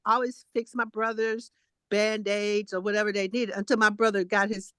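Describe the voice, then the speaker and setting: A woman co-hosting a casual chat, telling childhood stories in a talkative way with animated quotes. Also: medium pitch, moderate pace, clean tone, no room sound. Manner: chatty storytelling, animated quoting. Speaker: co-host.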